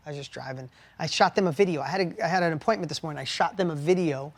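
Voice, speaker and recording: A middle-aged man co-hosts a podcast with his wife, talking candidly and confessionally with earnest feeling and telling stories with animation. His voice is a little high and racing, with vocal fry.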